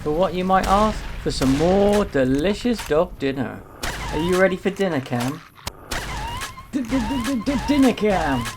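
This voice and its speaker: Cheeky gaming commentator. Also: male voice, high voice, expressive, moderate pace, music in the background. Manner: cheeky, jokey, self-mocking narration. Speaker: gaming YouTuber. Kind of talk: comedic gameplay commentary.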